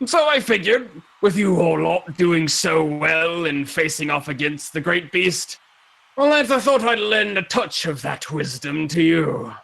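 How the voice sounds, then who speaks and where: A man voicing a big, boastful old male arena champion who speaks in a hearty, grandiose, drawn-out way. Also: a little high, expressive, gravelly, a bit bright, exaggerated voice.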